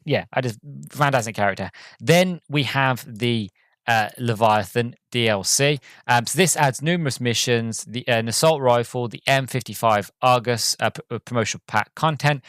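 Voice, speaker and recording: A man's voice: mid-range voice, a bit bright, dry recording, studio quality. A man hosting a podcast, reviewing a game in a casual, rambling way full of ums and restarts, an enthusiastic fan. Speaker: podcast host.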